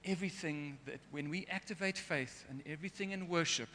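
A man's voice: on the high side, brisk, bright, forceful tone, slight background noise. A man preaching a sermon in an earnest way, sometimes getting emotional. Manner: earnest, gets emotional at times. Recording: long hall reverb.

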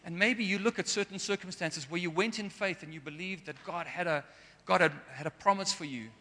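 A man's voice: high-pitched, brisk, pushed and bright. Earnest man preaching. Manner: earnest, gets emotional at times. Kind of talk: sermon. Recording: long hall reverb.

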